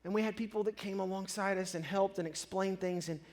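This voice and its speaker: A pastor preaching a sermon, telling a personal story with earnest honesty and swelling louder as his feelings rise. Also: high voice, steady tone, brisk.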